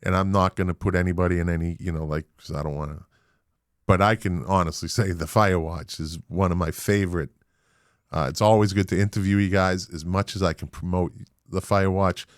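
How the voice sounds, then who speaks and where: A man with a Boston accent hosting a podcast interview, animated and emphatic, with casual swearing. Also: sits low, brisk, no echo, clean studio sound. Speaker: podcast host.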